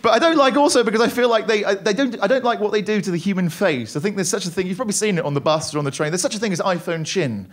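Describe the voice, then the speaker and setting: A young male stand-up comedian with a high voice performs his set on a comedy club stage as the audience laughs. His humor is wry and self-deprecating, full of quick asides.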